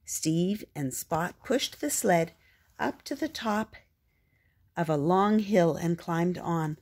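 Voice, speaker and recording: An older woman reading a children's picture book aloud, gentle and expressive. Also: on the low side, takes it slowly, husky. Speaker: storyteller.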